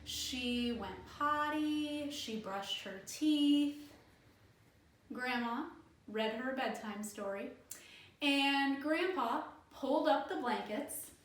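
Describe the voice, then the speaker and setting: Animated woman leading children's storytime. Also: sits high. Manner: animated, invites children to join in. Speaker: children's librarian. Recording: echoey room from a distance.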